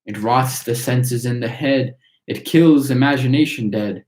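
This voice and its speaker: A chorus of tiny storybook factory workers lecturing in rhyme, recited by a man. The verse rolls in a steady rhythm at a middle pitch. A roomy echo hangs around the voice. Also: a little slow, lightly acted. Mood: preachy.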